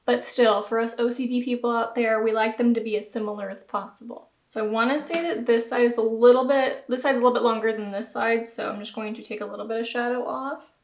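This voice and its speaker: A woman's voice: on the high side, steady tone, fast talker. A young woman with a light Southern accent, chatting casually and self-deprecatingly through a home beauty tutorial. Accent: American Southern. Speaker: beauty vlogger. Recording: roomy echo.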